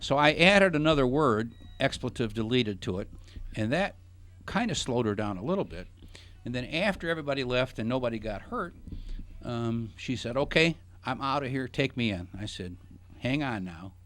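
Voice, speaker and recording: A middle-aged radio talk show host, also a financial advisor, tells a long joking anecdote in casual chat. His mid-range, fairly bright voice is animated, moving at a normal speed.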